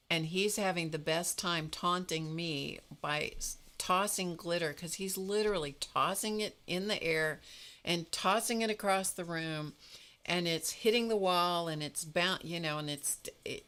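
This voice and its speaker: A woman hosting a live craft stream, chatting casually and telling an animated story to her viewers. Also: deep voice, unhurried. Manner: animated storytelling, greets viewers by name, frequent laughs.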